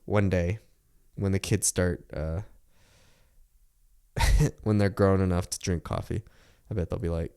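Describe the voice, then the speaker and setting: Laid-back young man, lowish voice. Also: fairly even intonation, slow, creaky, pauses often, darkish tone, smooth. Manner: rambling, with many filler likes and laughs. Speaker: podcast host. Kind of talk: casual chat.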